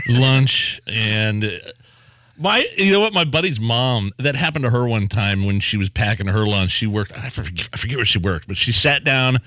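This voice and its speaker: A man's voice: mid-range voice, animated, sharp tone, no room sound. A male talk radio co-host chatting wryly, stumbling over fillers. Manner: wry, halting, many fillers. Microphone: studio microphone.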